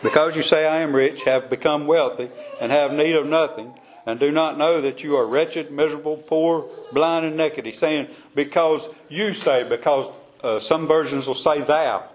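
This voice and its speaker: A man's voice: on the high side, moderate pace. A man teaching a casual Bible study in a folksy, conversational way, often repeating himself.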